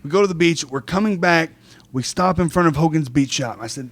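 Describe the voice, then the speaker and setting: A man guesting on a podcast in casual chat, excitable, repeating himself and stumbling over the starts of his sentences. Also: on the high side, a little fast, dry recording.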